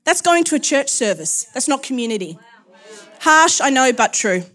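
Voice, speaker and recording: High-voiced chatty woman preaching. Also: sing-song, moderate pace, fairly bright tone. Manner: chatty, laughs often, self-deprecating asides. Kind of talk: sermon.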